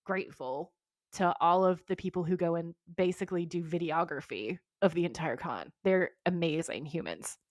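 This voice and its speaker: A woman's voice: on the low side, moderate pace, dry recording, clean studio sound. A woman co-hosting a podcast in casual chat, rambling through tangents with restarts and frequent laughter. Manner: enthusiastic, laughs often. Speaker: podcast co-host.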